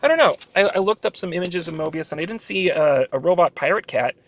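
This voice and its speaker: A man's voice: sits high, animated, fast. A man giving a casual spoken review of a comic book, sarcastic, with frequent sighs, short laughs and fillers.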